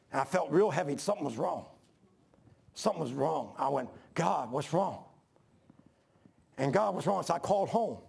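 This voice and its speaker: Middle-aged male pastor, higher pitch with gravel and husk, storytelling sermon that climbs to shouts. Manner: storytelling preacher, repeats phrases, rises to shouts.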